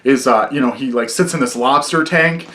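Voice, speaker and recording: A man's voice: mid-range voice, normal speed, pushed and bright. Rambling young guy reviewing a movie. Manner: rambling, filler-heavy, swears a lot. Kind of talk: casual review vlog.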